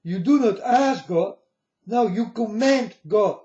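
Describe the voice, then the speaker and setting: A man with a high but mellow voice lectures slowly, preaching at his viewers and pressing them over and over. The sound is dull and lo-fi, with a roomy echo. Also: expressive. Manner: lecturing, repeats "folks" and "you understand". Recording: echoey room, dull lo-fi sound.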